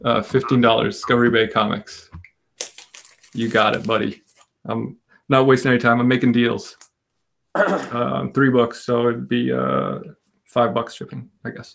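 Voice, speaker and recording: Gravelly-voiced man hosting a comic auction. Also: mid-range voice, fairly even intonation, measured pace, pauses often, a bit bright. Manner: rambling, self-deprecating, joking. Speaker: comic shop auction host. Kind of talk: casual live-stream auction chat.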